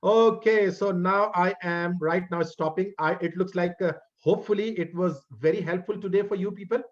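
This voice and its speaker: A man's voice: sits high, moderate pace. A male instructor wrapping up an online web development class, often repeating and restarting words in a friendly, encouraging way. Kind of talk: online class lecture wrap-up. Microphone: computer mic on a video call. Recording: dull lo-fi call audio.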